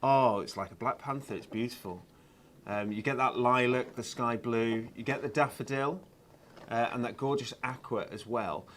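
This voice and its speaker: Man, live shopping host, chatty, enthusiastic, medium pitch, lots of fillers. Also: normal speed, fairly bright tone, slight background noise. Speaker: shopping channel presenter.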